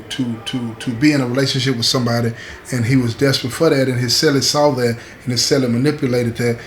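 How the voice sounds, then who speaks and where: A man's voice: medium pitch, reverberant, a little hiss or hum. A man hosting his show, telling a prison story in a streetwise, conversational way and often checking in with the listener. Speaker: host. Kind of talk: storytelling to camera.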